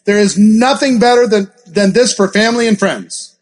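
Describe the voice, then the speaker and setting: Animated high-voiced male sales trainer. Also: moderate pace. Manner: animated, acts out scripts and gasps for effect. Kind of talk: live training talk with role-play examples.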